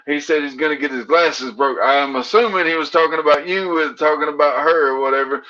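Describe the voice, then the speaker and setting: A man's voice: fairly high pitch, brisk, pushed and bright, dull audio. A man appearing as a fighter guest in a casual interview, laid-back and joking, with folksy sayings. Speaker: bare-knuckle fighter guest.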